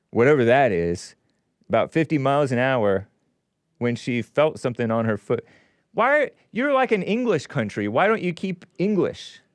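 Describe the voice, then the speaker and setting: A man hosting his own show reads a news story aloud in a clean-toned, mid-range voice over a dry recording. His reading is punctuated by sarcastic asides and animated highs and lows.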